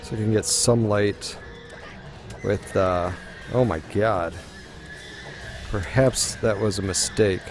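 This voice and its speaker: A man's voice: lowish voice, takes it slowly, pauses often, music in the background. A young man giving rambling let's-play commentary, musing aloud with lots of ums as he plays. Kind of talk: gaming commentary.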